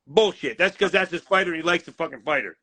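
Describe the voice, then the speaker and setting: A man's voice: fairly high pitch, fast talker, bright, forceful tone, no room sound. A man, a boxing manager, answering interview questions in a blunt, combative way and swearing freely.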